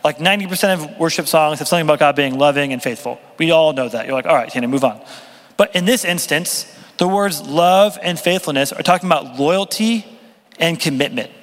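A man's voice: fairly high pitch, brisk. A young man preaching a sermon in a casual, joking, conversational way. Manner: conversational, self-deprecating humor, lively. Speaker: pastor. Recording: long reverb of a hall.

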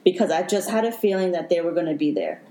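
A woman's voice: on the low side, mellow. Emotional woman telling her story, echoey room. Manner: emotional, halting, with many fillers. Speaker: podcast host telling her own story. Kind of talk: personal storytelling.

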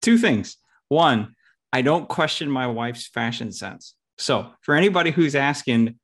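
A man's voice: mid-range voice, big pitch swings, a little slow, fairly bright tone, husky. A man co-hosting a podcast, blunt and teasing in casual chat. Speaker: podcast co-host.

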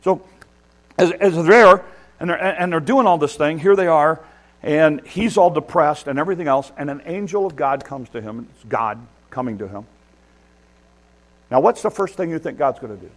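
A man's voice: a little high, moderate pace. A man preaching a sermon in an earnest, conversational way, building emphasis as he makes his points. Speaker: pastor. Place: church.

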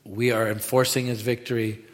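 A man preaching a sermon in a lively, animated way, dropping to quiet asides and rising to loud bursts. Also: mid-range voice, normal speed. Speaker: pastor. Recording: reverberant hall.

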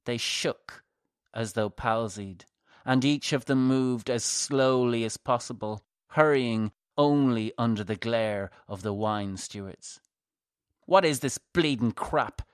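A man reading a novel aloud as a measured audiobook narrator. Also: medium pitch, clean tone, no echo, studio quality. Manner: slow, measured.

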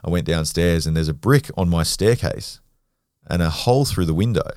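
An Australian man, a podcast guest, telling stories in a blunt, animated way and swearing freely. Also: low voice, moderate pace, no echo, studio quality. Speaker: podcast guest, grappler and former rugby league player. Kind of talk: casual storytelling.

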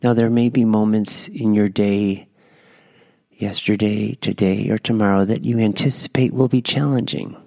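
Man, low voice, gravelly, guided breath prayer, slow, soothing. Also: no room sound. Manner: slow, gentle and calming. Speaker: prayer leader.

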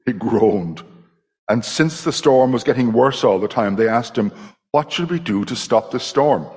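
Male scripture reader, husky voice, measured delivery, long church reverb. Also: medium pitch, lively intonation, a little mellow. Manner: measured dramatic reading. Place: church hall.

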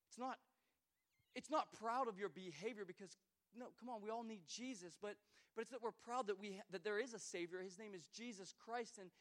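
High-voiced man preaching a sermon. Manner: preaching with many repeated starts, swinging from loud exhortation to quiet storytelling. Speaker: pastor.

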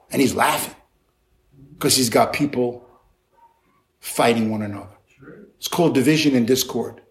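A male pastor preaching a sermon in an animated, conversational way, with playful acted asides. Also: mid-range voice, moderate pace, long pauses.

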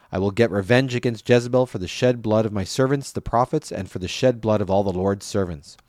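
Low-voiced man reading scripture aloud. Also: dry recording, studio quality. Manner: steady reading, lifts voice for quoted speech. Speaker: scripture reader.

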